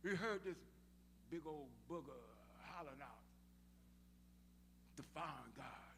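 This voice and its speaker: Slowly and with lively intonation, a pastor preaches, voicing the characters of a Bible story and inviting his congregation to answer back. His voice sits on the high side with a fairly bright tone. The live sanctuary recording has long reverb and slight background noise.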